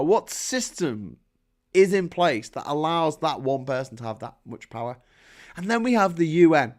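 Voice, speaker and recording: A man with a British accent delivering a sweary, animated political rant as host, laughing between points. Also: fairly high pitch. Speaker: podcast host.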